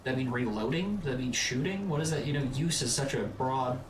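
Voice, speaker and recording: A man from Georgia, chatting casually while streaming a video game, rambling and excitable, with lots of filler words. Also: medium pitch, fairly quick, a little hiss or hum. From Georgia, US South. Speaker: streamer, co-host. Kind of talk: casual gaming stream chat.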